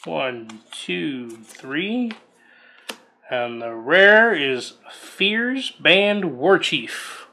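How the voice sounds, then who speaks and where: A man's voice: on the high side, sing-song, extremely slow, creaky, pushed and bright. A man casually reading out trading card text as he opens booster packs, musing aloud between cards. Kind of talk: casual unboxing commentary.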